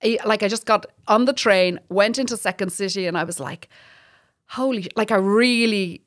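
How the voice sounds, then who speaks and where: A woman in her thirties with an Irish accent, a stand-up comic chatting as a guest, telling lively stories with frequent laughs and swearing. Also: medium pitch, brisk, no echo, studio quality. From Ireland. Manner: lively storyteller, laughs often, swears freely. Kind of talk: casual chat.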